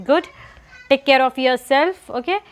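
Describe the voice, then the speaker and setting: A woman teaching a children's lesson, repeating words slowly and asking and answering her own questions. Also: high-pitched. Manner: repetitive, asks and answers her own questions, stresses pronunciation. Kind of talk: online English lesson for young children.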